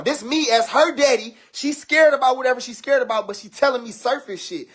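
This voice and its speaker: A man's voice: extremely high pitch, quick pace, few pauses, a bit bright. A father telling his own story in casual, blunt street slang, acting out quoted talk with his daughter, played from a video. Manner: blunt street slang, addresses listeners as bro.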